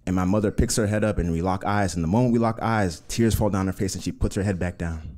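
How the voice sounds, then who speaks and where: Earnest man with a low, mellow voice. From Uganda. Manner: earnest, measured, vivid present-tense telling. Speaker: storyteller. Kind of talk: live personal storytelling.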